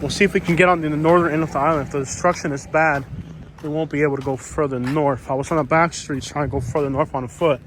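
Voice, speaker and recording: A man talks his way through a walking outdoor vlog, loose and rambling, full of ums and uhs. His voice sits a bit high for a man. Faint street noise hums behind him. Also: fairly even intonation, quick pace, a bit bright. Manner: chatty, rambling with many fillers. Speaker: YouTuber. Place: outdoors on a storm-damaged street.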